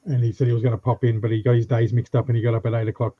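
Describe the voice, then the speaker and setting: A man talks in a relaxed, chatty way during a live chat. His sound is dull and lo-fi. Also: medium pitch, rapid-fire, husky, no echo.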